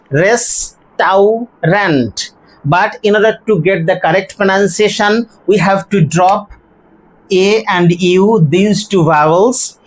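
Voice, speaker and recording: An English teacher giving a grammar and pronunciation lesson, speaking deliberately and spelling words out letter by letter. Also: mid-range voice, rough recording.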